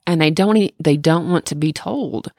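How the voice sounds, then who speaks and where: A parent co-hosting a casual podcast, telling family stories candidly and with animated energy. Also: medium pitch, moderate pace, dry recording, clean studio sound. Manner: candid, animated storytelling with swearing. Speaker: podcast co-host; parent of two. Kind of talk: casual chat.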